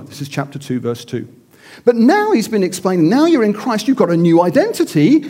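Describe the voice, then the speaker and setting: Lively, high-voiced male preacher. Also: moderate pace. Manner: animated storytelling with acted-out voices. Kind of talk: sermon.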